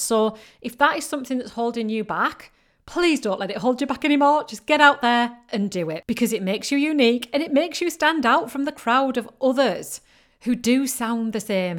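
A woman with a northern English accent talks straight to her listeners as a business coach on her own podcast. Her voice sits a little high, and she sounds earnest and encouraging. She sometimes acts out the excuses her clients give her. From northern England. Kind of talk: solo podcast monologue.

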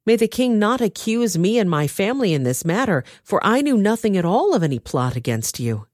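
A woman's voice: mid-range voice, big pitch swings, a little fast, darkish tone, no room sound, clean studio sound, voice pushed up. A woman reading an older male priest who defends himself deferentially before a king. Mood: pleading. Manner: pleading, deferential.

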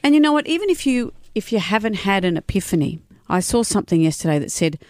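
A woman's voice: mid-range voice, big pitch swings, fast talker, few pauses, darkish tone, dry recording, clean studio sound. A woman, a radio co-host speaking emphatically and forthrightly in casual chat.

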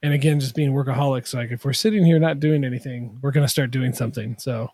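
A man's voice: medium pitch, fast talker, mellow, slightly rough, dry recording. A man, a guest on a podcast who builds machine tools, talking in a rambling, self-deprecating way full of fillers. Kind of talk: casual podcast chat.

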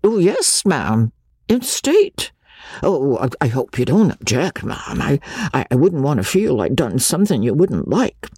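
Brief: woman doing an awkward, stammering small-town man for an audiobook; low, husky voice. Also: wildly swooping pitch, measured pace, mellow, dry recording, studio quality, heavily acted. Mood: deferential. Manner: hesitant, stammering, polite. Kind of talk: audiobook character voice.

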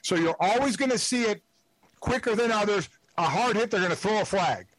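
A man's voice: high-pitched, brisk, fairly bright tone, no room sound, low-quality recording. A man who played the game, calling in as a guest analyst on a sports talk show, talking bluntly and at length with emphatic asides. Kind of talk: sports talk radio call-in. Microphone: phone line.

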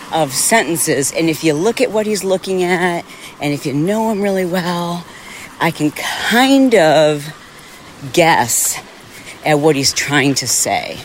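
A woman's voice: lowish voice, slight background noise. A middle-aged woman hosting a solo podcast outdoors, talking in a candid, rambling and emphatic way. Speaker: podcast host. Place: outdoors on a rainy ocean sidewalk.

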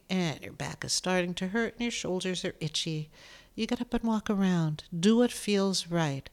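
A woman medium and author giving a gentle, soothing spiritual talk, emotional at times. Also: fairly low pitch, normal speed. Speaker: medium and author, podcast host.

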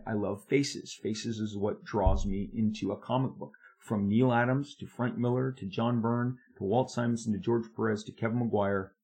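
A middle-aged man, a comic book artist, recounting his career in an animated, confiding monologue with frequent restarts. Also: mid-range voice, slightly rough. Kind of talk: storytelling monologue.

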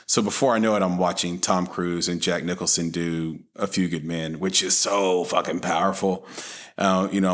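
Animated low-voiced man telling stories. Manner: animated storyteller, acts out film lines, self-described softie. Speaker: podcast co-host. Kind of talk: casual chat.

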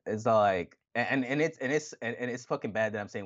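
A man co-hosting a podcast in casual chat, animated, swearing often and acting out quotes with laughter. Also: fairly low pitch, fairly quick, dull audio. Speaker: podcast co-host.

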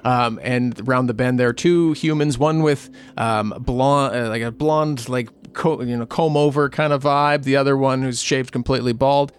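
Casting note: male game master, mid-pitched, halting delivery, many "uh"s and "like"s. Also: steady tone, clear, resonant tone. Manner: halting, filler-heavy narration. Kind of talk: narrating a tabletop game.

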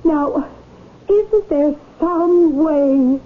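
A woman's voice: high-pitched, extremely slow. An actress playing a determined wife pressing to rescue her husband, in a 1970s radio drama, with an insistent, persuasive manner. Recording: tinny lo-fi old radio broadcast.

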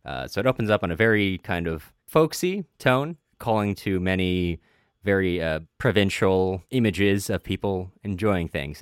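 Deep-voiced man, dry close sound. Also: no room sound. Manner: summarizes a story and reads quoted passages aloud, with frequent "uh" pauses. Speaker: podcast co-host. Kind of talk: casual book discussion.

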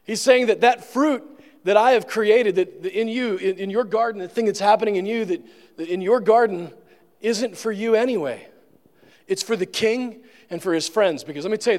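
A man's voice: high voice, a little fast, darkish tone. Man preaching in a reverberant church. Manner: conversational, joking asides. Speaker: pastor. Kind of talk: sermon. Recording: long reverb of a large room.

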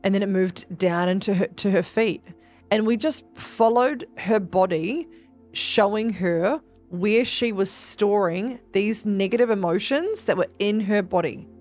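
A woman's voice: medium pitch, a little slow, a little mellow, soft background music. A woman hosting a podcast as a spiritual business coach, in a casual motivational monologue, emphatic and chatty, swearing freely and calling her listeners "guys".

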